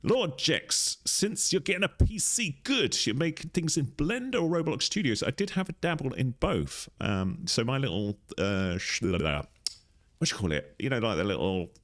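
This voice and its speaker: A man's voice: mid-range voice, big pitch swings, moderate pace, no room sound. A man live-streaming a game, chatty and playful, talking through what he is doing. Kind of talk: casual live-stream chat while gaming.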